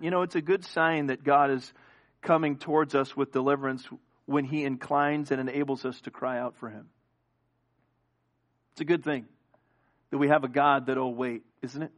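Man preaching with swelling emphasis. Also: a little high. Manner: preaching with big swings from hushed to rising emphatic. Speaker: pastor. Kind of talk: sermon.

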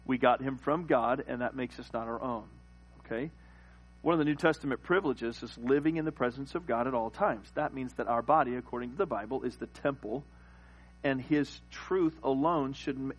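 A middle-aged man preaching a sermon, building to loud emphatic peaks. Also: mid-range voice, normal speed, breathy edge, faint music behind, poor audio. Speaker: pastor.

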